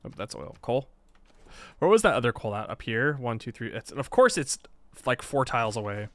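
A man's voice: mid-range voice, very animated, moderate pace, a bit bright, dry recording. A man giving casual let's-play commentary on a strategy game, playful and self-mocking, laughing often. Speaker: gaming video creator.

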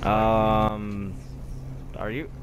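Young male gamer, loud and profane, slow drawl, noisy mic. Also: fairly low pitch, completely flat delivery. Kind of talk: gameplay commentary.

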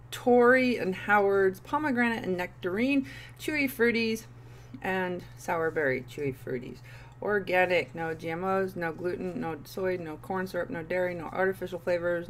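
A woman's voice: on the low side, slight background noise. Playful woman reviewing candy on camera. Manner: playful, goofy asides. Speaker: vlogger. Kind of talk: casual candy review vlog.

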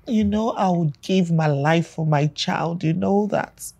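A woman's voice: fairly low pitch, a little slow, creaky, slightly rough, exaggerated voice. A woman playing a grieving young mother who curses and wails, in a film drama. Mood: pleading. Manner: wailing, cursing, shouting.

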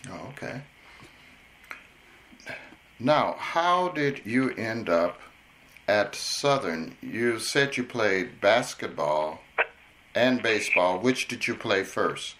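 A man's voice: on the low side, expressive, slow pace, pauses often, fairly bright tone, a little hiss or hum. A man interviewing a guest, asking brief questions and murmuring acknowledgements.

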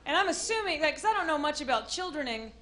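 A woman doing a stand-up comedy set on a club stage, bursting into loud acted-out voices and shouts. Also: sits high, very animated, fast talker. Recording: live club with noisy crowd.

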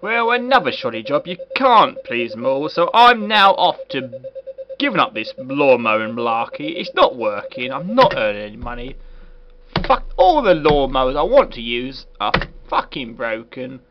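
A man's voice: mid-range voice, very animated, normal speed. Sweary mock-posh man reviewing games. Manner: put-on posh voice, sarcastic and sweary. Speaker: game reviewer. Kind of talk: comedic game review commentary. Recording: dull lo-fi recording with faint hiss.

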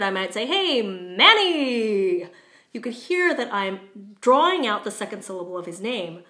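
A woman with a bright, crisp voice leads a pronunciation lesson. She speaks clearly and deliberately and draws out example words so each vowel can be heard. Her pitch sits in an ordinary middle range. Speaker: language teacher.

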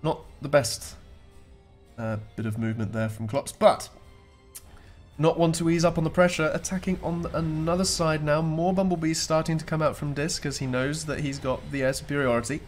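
A man's voice: fairly high pitch, steady tone, moderate pace, faint music behind. A man commentating a strategy game replay, chatty and joking with playful asides.

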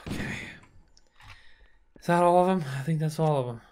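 Taunting enemies and swearing in frustration, a young gaming host commentates a blind run of a shooter. He talks at a moderate pace in a smooth, slightly mellow voice on the high side.

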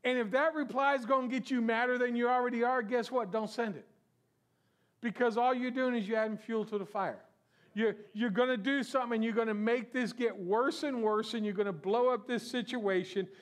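A man with a notably high voice delivers a sermon in a church. He preaches in a loose, conversational way and keeps asking the congregation questions. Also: fairly even intonation, fairly quick. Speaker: pastor. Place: church sanctuary.

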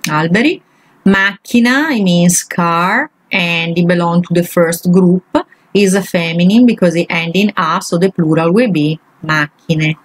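A woman's voice: fairly low pitch, unhurried, rough recording. Woman teaching grammar. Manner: patient, walks through each example step by step. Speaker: Italian language teacher. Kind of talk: explaining grammar exercises.

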